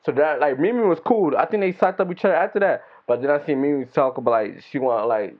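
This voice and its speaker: A man's voice: a little high, fast. A man co-hosting a podcast, telling stories in a rambling, slangy way. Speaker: podcast co-host and video editor. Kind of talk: casual chat. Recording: thin phone-like sound.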